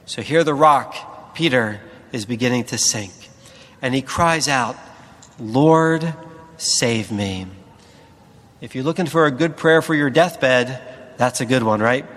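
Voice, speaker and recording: A priest giving a sermon, speaking slowly and deliberately with emphatic pauses. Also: male voice, medium pitch, a bit bright, big-room sound.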